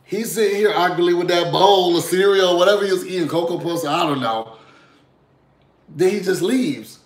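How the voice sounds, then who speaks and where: Hoarse, sassy man recapping reality TV. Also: high voice, moderate pace, echoey room. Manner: chatty, sassy, asks "you know what I'm saying?". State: hoarse, under the weather. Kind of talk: casual recap commentary.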